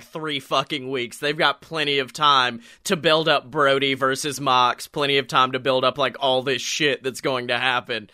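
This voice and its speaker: A man's voice: on the high side, sharp tone, dry recording, studio quality. A man co-hosting a casual wrestling podcast, joking and swearing freely. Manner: profane, joking, quick asides. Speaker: podcast co-host.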